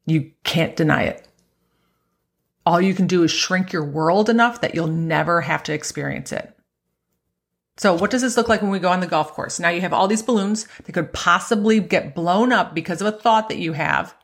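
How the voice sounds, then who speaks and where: A woman with a slightly low voice talks golfers through their emotions like a coach. She keeps it chatty, checks in with a quick "right?" and laughs often. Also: vocal fry. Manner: acts out inner voices in quotes. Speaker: golf mental coach. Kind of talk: conversational motivational talk.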